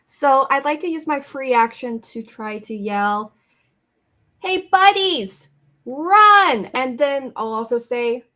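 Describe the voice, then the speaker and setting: A woman playing a tabletop game, deliberate and playful as she explains her moves. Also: fairly high pitch. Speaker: player. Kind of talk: casual tabletop game play.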